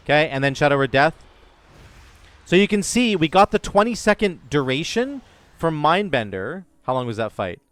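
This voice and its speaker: A man's voice: a little high, very animated, normal speed, fairly bright tone, dry recording. A man giving enthusiastic, casual commentary over his own video game footage, explaining as he plays. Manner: enthusiastic, explains while playing. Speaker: gaming content creator. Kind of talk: gameplay commentary.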